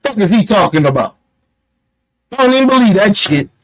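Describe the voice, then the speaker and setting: A man's voice: high voice, big pitch swings, fairly quick, low-quality recording. A man giving a heated, profane commentary rant, blunt and emphatic, firing off rhetorical questions. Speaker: online commentator.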